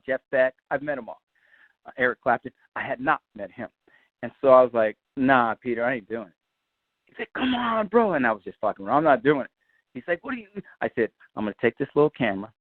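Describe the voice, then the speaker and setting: Man, guitarist guest, sweary animated storyteller; lively pitch, tinny dry phone-like sound. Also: no room sound. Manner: lively, swears freely, acts out quoted voices.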